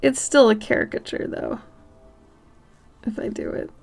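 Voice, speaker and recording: A woman in her thirties from Minnesota with a light Minnesotan accent, chatting casually on an art livestream while she draws, sometimes murmuring softly as she works. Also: fairly high pitch, huge pitch swings, a little slow, gravelly. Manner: chatty and laid-back, drifting into soft murmurs while working. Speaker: art streamer.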